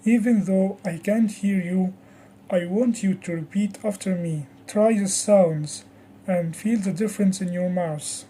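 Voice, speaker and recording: A teacher leads a pronunciation lesson in a very dark, mellow voice. The pace is slow and deliberate, with each example word spelled out carefully for learners to repeat. Faint room ambience sits underneath. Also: mid-range voice, slight background noise, rough recording. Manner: slow, deliberate, over-articulates example words. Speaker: English teacher.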